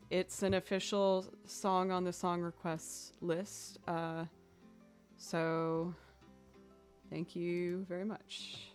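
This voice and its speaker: A woman's voice: mid-range voice, clear, resonant tone. Playful woman telling a story, faint music. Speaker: musician streamer. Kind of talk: casual chat.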